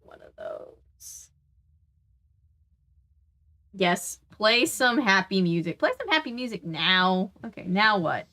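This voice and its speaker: Streaming a video game, a Southern US woman chats casually in let's-play style, answering the game and her viewers in an exasperated way. She sounds mid-range, expressive, pushed and bright, speaking slowly and leaving long pauses.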